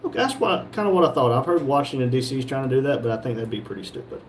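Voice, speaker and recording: A man's voice: medium pitch, big pitch swings, rapid-fire, slight background noise. A man hosting a live stream from a shop, reading viewers' comments aloud and joking back at them. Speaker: livestream host reading chat. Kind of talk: casual live chat.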